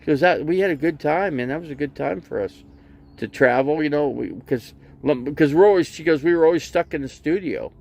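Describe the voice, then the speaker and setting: A man's voice: on the high side, fairly quick, gravelly, a little mellow. A man telling a long rambling story in casual livestream chat, full of restarts and acting out both sides of a conversation. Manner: rambling, lots of "you know" and restarts. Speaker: RV vlogger.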